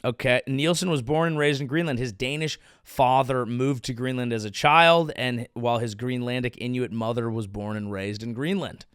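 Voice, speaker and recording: A man's voice: medium pitch, clean tone, no echo, studio quality. A man in his thirties, a comedian hosting his show, rambling through a profane, self-deprecating monologue. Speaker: comedian host.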